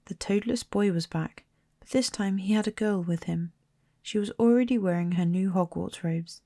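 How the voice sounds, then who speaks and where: A woman reading a storybook aloud in a soft, slow ASMR manner, partly whispered. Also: medium pitch, no room sound, studio quality. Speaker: storybook reader.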